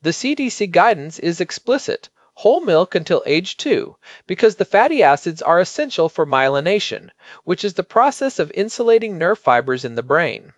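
A man co-hosting a podcast as a pediatric expert, explaining in a measured way and stressing key points. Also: high voice, big pitch swings, no echo, dull audio.

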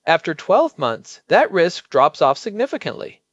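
Lively high-pitched man explaining calmly. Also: dry recording, dull audio. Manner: measured, explanatory, emphatic on key points. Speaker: pediatric expert co-host. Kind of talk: explanatory podcast chat.

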